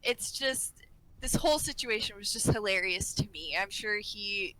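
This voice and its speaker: A woman's voice: medium pitch, normal speed, pushed and bright, rough recording. A woman co-hosting a casual podcast, telling a work story and laughing often as she talks. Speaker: podcast co-host, care worker.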